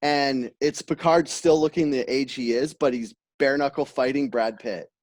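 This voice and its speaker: A man hosting a casual podcast chat, talking quickly and laughing often. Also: medium pitch, darkish tone. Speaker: podcast host.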